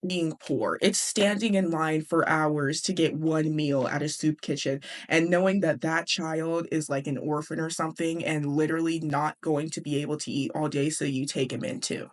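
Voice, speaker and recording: A woman hosting a casual book discussion, chatty and animated, with blunt profanity. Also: low-pitched. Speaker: host.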